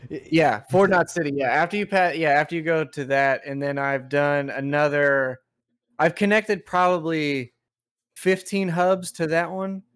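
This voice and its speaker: A young man co-hosting a podcast, chatting casually and retelling game scenes in an animated way. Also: a little high, a little slow, smooth. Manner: animated storyteller, acts out scenes in goofy voices. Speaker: podcast co-host. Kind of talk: casual chat.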